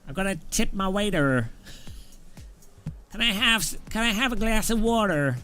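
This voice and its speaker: A man's voice: sits high, animated, normal speed, sharp tone, faint music behind, pitched above the performer's own voice. A man doing a put-on American accent, voicing a goofy, overeager American tourist in a drawling, exaggerated way. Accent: mock American.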